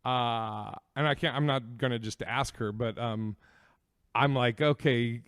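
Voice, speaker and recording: A man's voice: medium pitch, steady tone, measured pace, fairly bright tone, no echo, clean studio sound. A young man hosting a podcast, telling a story in a rambling, profane way with lots of fillers. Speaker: podcast host. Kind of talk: comedic storytelling.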